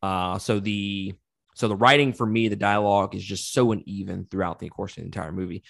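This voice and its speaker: A man's voice: fairly low pitch, a little fast, gravelly, no echo, clean studio sound. A man co-hosting a casual movie review podcast, swearing freely and laughing often. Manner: profane, animated, laughs often. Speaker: podcast co-host.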